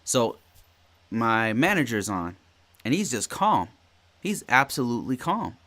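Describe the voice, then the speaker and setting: Speaking unhurriedly with big pitch swings, this man has a medium-pitched voice and a sharp tone. He is a podcast host in his forties telling a work story in casual, rambling solo talk, repeatedly restarting phrases.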